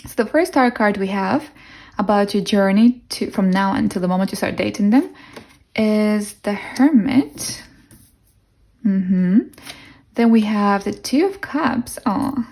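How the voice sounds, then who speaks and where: This tarot reader talks a little slowly, her medium-pitched voice darkish in tone. A young woman with a non-native English accent, she gives a casual pick-a-card reading while thinking aloud with fillers and restarts.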